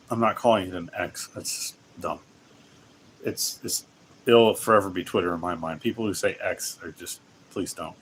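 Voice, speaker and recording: Rambling low-voiced male streamer. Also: a bit bright, slight background noise. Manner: rambling, self-interrupting, laughs often. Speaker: livestream host. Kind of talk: casual livestream chat while gaming.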